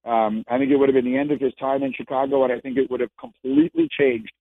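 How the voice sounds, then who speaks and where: Speaking over a dry, tinny phone line, a former sports reporter appears as a guest in a casual radio interview. His mid-range voice is creaky and very animated, he talks fast, and he leans on repeated phrases to build his arguments.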